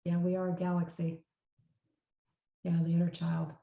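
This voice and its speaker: A woman's voice: on the low side, completely flat delivery, moderate pace, vocal fry. A woman hosting a live online chat, inviting the audience to share their thoughts. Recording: roomy, dull call audio.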